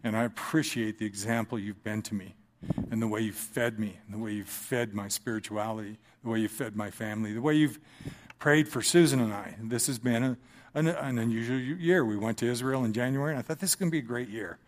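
A man's voice: mid-range voice, a little fast. Earnest man giving church testimony. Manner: earnest and conversational with dry humor. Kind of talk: personal testimony to a congregation. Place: church, speaking from the front.

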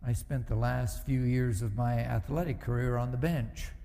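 Middle-aged guy preaching in a church, mellow voice, long hall echo, easygoing sermon. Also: medium pitch, steady tone, moderate pace, creaky. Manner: conversational preaching with acted asides. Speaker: pastor. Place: church sanctuary.

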